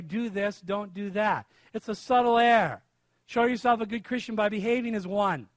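High-voiced emphatic male preacher. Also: no room sound. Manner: emphatic, swings from hushed to loud stress. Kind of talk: sermon.

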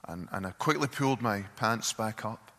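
A man voicing a grieving father who speaks quietly and haltingly about his past. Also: on the low side, big-room sound. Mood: broken. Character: broken grieving father recalling abuse.

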